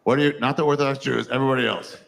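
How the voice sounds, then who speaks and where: A young man doing a stand-up comedy set, telling a story with lively crowd work and swearing, recorded live on stage. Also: mid-range voice, very fast, creaky.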